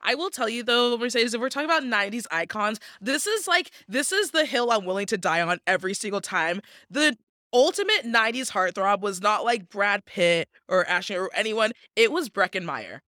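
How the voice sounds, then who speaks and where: A woman's voice: medium pitch, expressive, a little fast, sharp tone, no room sound, studio quality. A woman co-hosting a podcast in casual chat, gushing and laughing often, with lots of "like". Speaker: podcast co-host.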